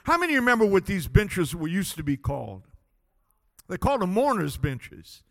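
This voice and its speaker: A man preaching a sermon as pastor, impassioned, swinging between loud declarations and hushed pleading. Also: high voice, sing-song, normal speed, creaky, long reverb tail.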